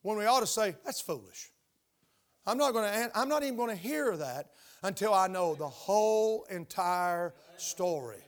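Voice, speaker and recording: A man's voice: high voice, animated, moderate pace. An older man preaching a sermon in church, emphatic and questioning his congregation as he talks. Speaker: pastor. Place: church sanctuary.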